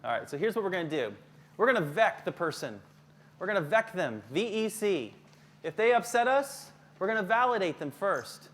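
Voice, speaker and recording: A man's voice: high voice, sing-song, moderate pace, fairly bright tone. A middle-aged man leading a live workshop for teachers, joking and conversational, often putting questions to the audience. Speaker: counselor giving a workshop to teachers.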